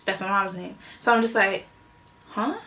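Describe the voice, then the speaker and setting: A young woman with a gravelly, fry-tinged voice talks through a personal story for her vlog. She rambles and circles back with lots of fillers, and her feelings sit close to the surface. Her pitch stays in a middle range. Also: fairly even intonation, a little fast, sharp tone. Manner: emotional, rambling with many fillers. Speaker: vlogger.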